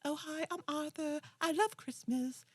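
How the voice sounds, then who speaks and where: A woman voicing an earnest young man who loves Christmas, in a deliberately bad British accent. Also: high voice, dry recording, pitched above the performer's own voice. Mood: gushing. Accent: mock British. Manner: sweet, gushing.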